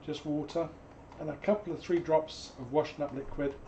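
A hoarse man, teaching painting on a live stream in a chatty, digressive way with jokey asides. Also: a little high, steady tone, moderate pace, mellow, slight background noise. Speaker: painting instructor.

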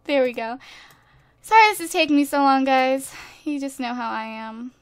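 A woman's voice: sits high, normal speed, clean tone, no echo. A woman casually commenting while she plays a life-simulation game, bubbly and chatty, gushing to her viewers and laughing often, into a desk microphone. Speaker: gaming YouTuber. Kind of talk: casual let's-play commentary. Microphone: desk USB microphone.

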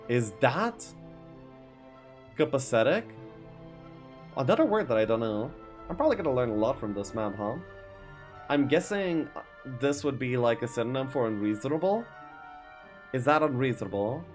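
A man's voice: mid-range voice, expressive, normal speed, pauses often. A man reading a game's story text aloud, stopping for asides and frequent "uh"s. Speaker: gaming YouTuber reading a map's story. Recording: faint music behind.

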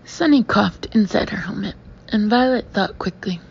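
A woman reading a storybook aloud in a measured way with wry asides. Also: mid-range voice, gravelly, muffled recording, a little hiss or hum. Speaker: audiobook reader. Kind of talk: storybook narration.

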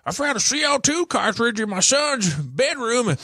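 A man's voice: sing-song, moderate pace, bright, forceful tone, no echo, studio quality, heavily acted. A man putting on a clueless older dad with a drawl. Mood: baffled. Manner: high drawling hick impression.

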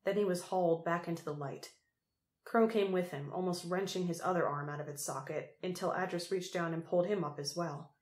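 Lady reading a fantasy audiobook, lowish voice, echoey room. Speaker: audiobook narrator. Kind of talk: scripted narration.

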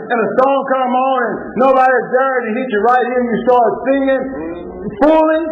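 A man delivers a motivational speech in a preacherly way, swinging from loud bursts to hushed lines. His voice sits high, and the sound is thin and phone-like. A long echo and faint hiss hang around him in the hall. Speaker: motivational speaker. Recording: echoey hall over a tinny line.

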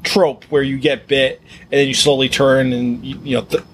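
A man's voice: mid-range voice, little pitch movement, moderate pace, a little hiss or hum. A man co-hosting a horror movie podcast, reacting with disbelief and laughing asides. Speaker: podcast co-host. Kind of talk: casual movie chat.

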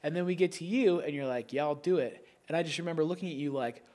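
A man's voice: a little high, fast, darkish tone. A man co-hosting a podcast, telling a story in a wry, self-mocking way. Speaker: podcast co-host. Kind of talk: casual storytelling chat.

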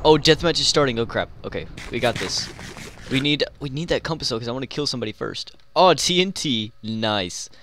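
A young man giving excitable, joking commentary while playing a game, talking to himself and the players around him. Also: mid-range voice, brisk, a little hiss or hum. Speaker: gaming YouTuber. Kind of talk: live Minecraft gameplay commentary.

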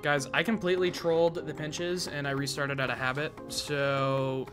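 A man giving casual, excitable gameplay commentary full of gamer slang. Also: on the high side, normal speed, over music. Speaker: gaming content creator.

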